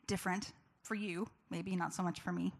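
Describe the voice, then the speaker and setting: A woman's voice: lowish voice, fairly even intonation, normal speed, creaky. Woman, public speaker, earnest, conversational, fillers, live talk. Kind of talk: personal talk to a live audience.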